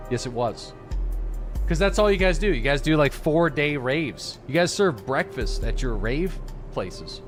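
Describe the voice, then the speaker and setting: A young man streaming a game, chatting casually, swearing freely and getting loudly excited at new finds. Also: a little slow, music in the background. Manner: excitable, swears a lot, jumps up high when surprised. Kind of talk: casual gaming livestream chat.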